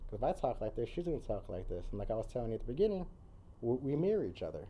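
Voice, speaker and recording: A man's voice: medium pitch, sing-song, racing, mellow, a little hiss or hum. A man talking earnestly as a podcast guest in casual conversation, repeating phrases for emphasis.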